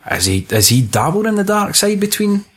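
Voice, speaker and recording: A man's voice: high voice, big pitch swings, fairly quick, husky. A tired Scottish man co-hosting a casual chat, swearing, joking and laughing often. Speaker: podcast co-host.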